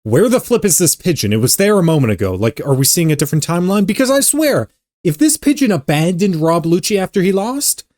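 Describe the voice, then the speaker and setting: A young man hosting an anime reaction video, talking casually with animated exclamations and stammered repeats. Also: high voice, brisk.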